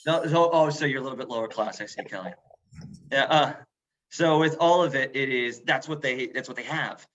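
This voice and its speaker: A man with a medium-pitched, somewhat bright voice talks briskly on a video call, playing a museum role-player in a casual Q&A. He uses an affected northern English accent and many fillers and restarts, and the recording is dull lo-fi call audio.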